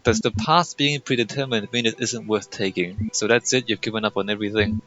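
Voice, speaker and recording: A man's voice: on the low side, fairly even intonation, fairly quick, fairly bright tone. A young man in casual gameplay commentary, sarcastic and mocking as he reads game dialogue aloud. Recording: muffled lo-fi mic over faint game music.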